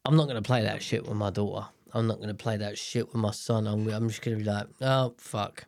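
A young man with a lowish, slightly mellow voice talks alone at a quick clip, his intonation fairly even and the sound dry with no room echo. He's a solo podcaster in a casual, rambling monologue, swearing often and cutting off his own sentences.

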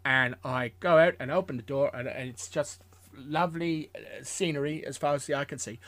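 A man doing an impression of an elderly male film star, telling a story in a wry, drawn-out way. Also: mid-range voice, fairly bright tone, no echo, close to an everyday voice.

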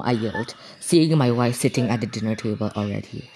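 A young woman co-hosting a podcast, reading scary stories aloud in a halting way and pitching up for the quoted voices. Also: noisy background. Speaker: podcast co-host.

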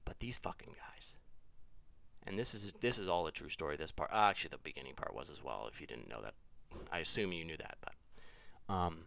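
A man's voice: a little fast, creaky, no echo. A man casually telling a comedic story with lots of swearing, rambling and correcting himself mid-sentence. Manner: rambling, profane, self-correcting; animated, jumps to high exasperated pitch.

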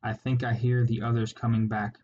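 A man's voice: lowish voice, flat delivery, fairly quick, close to an everyday voice. A man doing a curt, menacing rat warlord. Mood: irritable, commanding. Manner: curt, barking orders. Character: menacing male rat warlord, one-eyed and irritable. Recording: slightly muffled with faint hiss.

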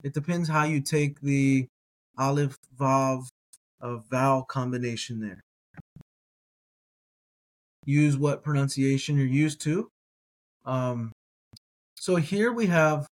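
Speaking unhurriedly in a mid-range voice, a Hebrew teacher works through a reading lesson syllable by syllable. He hesitates often with ums and uhs and fixes his own mistakes along the way.

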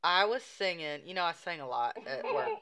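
A woman's voice: fairly low pitch, normal speed, crowd noise. A woman co-hosting a casual podcast chat, telling teasing stories. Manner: teasing, animated storyteller. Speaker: podcast co-host.

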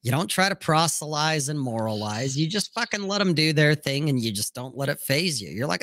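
A man hosting a casual talk show tells stories with plenty of swearing. His voice has a gravelly, crackly edge and a slightly high pitch that swings widely. The sound is dry and close to the mic. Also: a little fast, hardly any pauses, dry recording. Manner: profane, animated storyteller. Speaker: podcast host. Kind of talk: casual storytelling chat.

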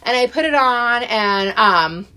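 A middle-aged woman telling a personal story in a chatty, animated way, full of fillers and acted-out quotes. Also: a little high, takes it slowly, clean tone. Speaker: podcast guest.

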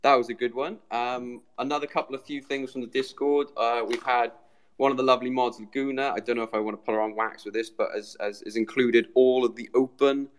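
A man's voice: mid-range voice, steady tone, brisk. A British man joining a show remotely as the community's guest, chatting loosely and calling everyone mate. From Britain. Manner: chatty, says "mate" a lot, rambling. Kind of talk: casual chat.

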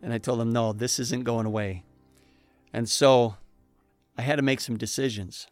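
A man's voice: mid-range voice, fairly even intonation, moderate pace, no echo, soft background music. A man telling his personal testimony in an earnest, emotional way, with preacher-like emphasis. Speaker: speaker giving a personal testimony.

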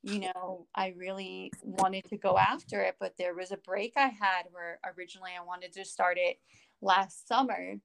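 A woman co-hosting a podcast, talking casually and circling back on herself with lots of "like" and "you know." Her voice has a gravelly, fry-edged texture. Her pitch sits at a mid level for a woman. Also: steady tone, normal speed. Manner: rambling, many fillers and restarts. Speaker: podcast co-host.

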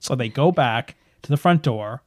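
A man's voice: mid-range voice, expressive, normal speed. A man narrating a tabletop horror game as game master, in a casual, chatty way that trails off and restarts.

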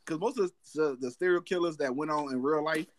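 A man hosting a casual podcast chat, animated and profane, laughing often. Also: fairly high pitch, a little fast. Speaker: podcast host.

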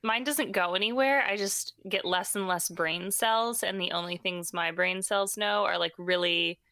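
Young woman, podcast co-host, pregnant, rambling casual chat, crisp bright tone. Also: mid-range voice, normal speed, no room sound. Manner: chatty, rambling with many fillers. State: pregnant and tired.

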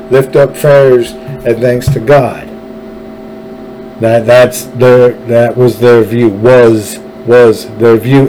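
A man's voice: medium pitch, warm tone, low-quality recording. A man delivering an opinionated political monologue, ranting emphatically and repeating phrases for effect. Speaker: political podcast host.

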